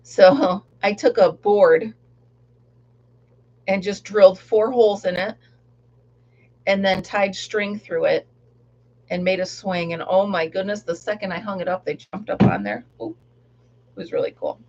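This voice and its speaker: Chatty woman with a husky voice. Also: medium pitch, fairly even intonation, unhurried, long pauses, dull audio. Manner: chatty, laughs often, sings along softly. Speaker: livestream crafter. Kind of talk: casual live-stream chat while knitting.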